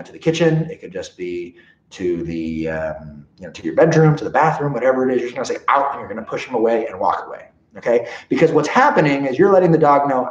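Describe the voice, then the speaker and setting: A man leading a live dog training seminar, animated and often checking in with his listeners. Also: medium pitch. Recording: roomy, dull lo-fi sound.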